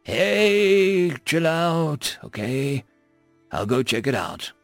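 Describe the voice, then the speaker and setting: A man's voice: a little high, big pitch swings, drawn-out words, creaky, no echo, soft background music, pitched above the performer's own voice, full character voice. A man voicing an easygoing human crewman who talks casually and swears lightly. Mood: reassuring. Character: easygoing young adult human spacer man, crude-mouthed.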